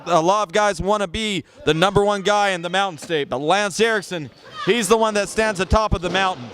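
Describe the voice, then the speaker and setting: A high-pitched man calls a wrestling match from the announce booth. He talks in a boastful, emphatic way, building up the champion with bold claims. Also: fairly quick, a bit bright, slight background noise. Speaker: wrestling color commentator. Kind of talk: wrestling commentary.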